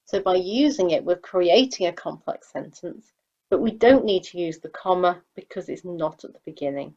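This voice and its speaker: A female English teacher with a lowish, darkish voice explains sentence structure in a recorded grammar lesson, patiently reading example sentences aloud. She sounds animated and speaks at a normal speed, though the highs are cut off.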